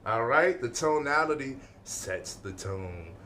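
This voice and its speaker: A man's voice: mid-range voice, animated, slow, sharp tone, a little hiss or hum. A man giving an informal motivational lesson, emphatic, repeating his points and checking in with the listener. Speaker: life-skills speaker.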